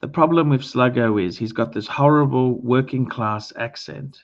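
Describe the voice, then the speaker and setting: A man's voice: medium pitch, moderate pace, highs cut off. A man hosting a livestream who gives blunt, bossy advice, swears often and restarts his sentences. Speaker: livestream host. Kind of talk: casual livestream chat.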